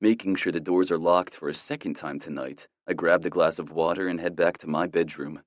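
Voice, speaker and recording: Calm, tender male narrator for a romance audiobook, deep-voiced and recorded dry. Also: a little fast, dry recording. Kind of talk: first-person romance narration.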